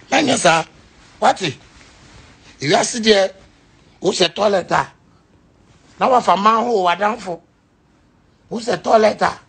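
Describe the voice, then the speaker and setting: A man's voice: high voice, animated, a little slow, vocal fry, long pauses, fairly bright tone, slightly rough. A man with a Ghanaian accent, ranting and mocking a critic in a video, mixing Pidgin with Twi phrases in sing-song jeers. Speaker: musician answering a critic. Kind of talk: ranting social media video.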